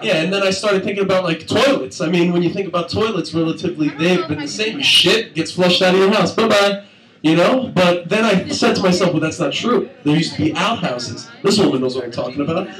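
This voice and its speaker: A man's voice: sits high, a little fast. A young man doing a crude, rambling stand-up comedy set on a club stage, laughing at his own jokes. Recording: echoey room from far, crowd noise.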